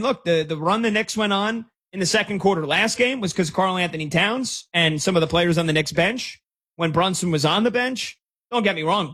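A man hosting a sports talk show, excitedly reacting to a live game and reading listener texts. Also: fairly high pitch. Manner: excitable, rapid, breaks into shouts. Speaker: sports radio host.

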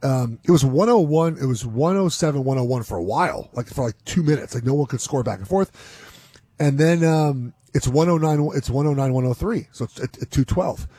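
A man's voice: mid-range voice, fairly quick, slightly rough, no room sound. Rambling man talking sports bets. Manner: rambling, animated, many restarts. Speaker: sports betting podcast co-host. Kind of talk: casual sports chat.

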